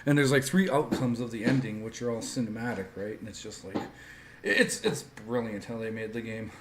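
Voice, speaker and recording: A man's voice: lowish voice, a little fast, fairly bright tone, slight background noise. A man rambling through casual gameplay commentary, with lots of filler words as he tells stories. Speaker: gaming streamer.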